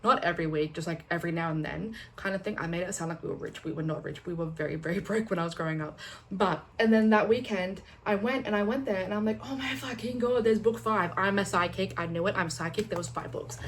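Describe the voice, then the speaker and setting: Chatty, excitable young woman, lowish voice. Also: fast, slight background noise. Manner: rambling, excitable, swears and laughs often. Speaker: booktuber. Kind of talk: casual chatty vlog.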